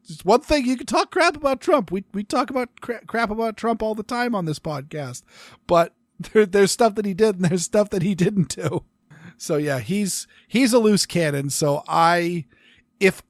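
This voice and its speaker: Man, podcast co-host, rambly, keeps restarting, laughs a lot, dry close sound, slightly high voice. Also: dry recording. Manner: rambling, self-interrupting, quick to laugh. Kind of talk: casual podcast chat.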